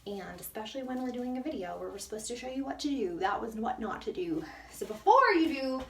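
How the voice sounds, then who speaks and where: A young woman with a fairly high voice talks through a hair routine in a casual, self-mocking way. She is a little out of breath from the heat. She sounds set back from the mic in an echoey bathroom with faint ambient noise. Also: sing-song, a little fast, fairly bright tone, distant mic. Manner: chatty and self-mocking, laughs often. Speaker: hair care vlogger. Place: hot bathroom.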